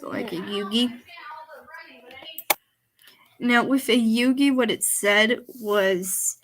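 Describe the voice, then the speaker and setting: With a Southern country accent from the rural American South, a woman chats casually while reacting to her old videos, explaining things as she goes. Her voice is medium-pitched with a fairly bright tone.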